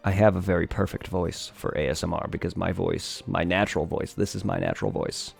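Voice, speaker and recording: A man putting on a deep, soft, hushed voice in a jokey whispered role-play. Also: little pitch movement, fairly quick, vocal fry, breathy edge, soft background music, exaggerated voice.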